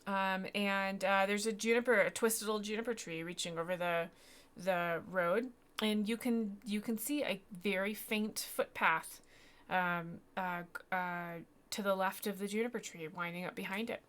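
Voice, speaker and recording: A woman's voice: medium pitch, steady tone, moderate pace, a bit bright. A woman narrating as game master of a tabletop game, rambling and self-deprecating, with many fillers and restarts.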